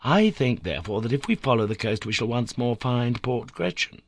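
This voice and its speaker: A man reading a classic novel aloud in a measured, formal narration. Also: mid-range voice, animated, no echo, studio quality. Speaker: audiobook reader.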